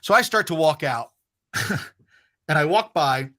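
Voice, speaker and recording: Man, high-pitched, bright tone, casual podcast storytelling, rambling, swears a lot, restarts sentences. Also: expressive, measured pace. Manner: rambling, profane, frequent restarts. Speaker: podcast guest.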